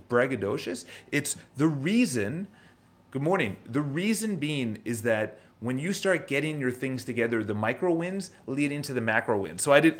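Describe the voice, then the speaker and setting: A man in his thirties with a New York accent, talking live to his audience in a casual, motivational way, repeating phrases and restarting sentences. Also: medium pitch. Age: 30s. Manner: energetic, conversational, repeats phrases, restarts often. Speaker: host of a live morning show. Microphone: live stream from his office.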